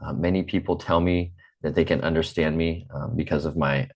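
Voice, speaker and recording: This English teacher, an American in his forties with a General American accent, runs an online class on a video call through a computer mic. His rumbling low voice is steady and a little mellow, and he's slow, patient, and repetitive.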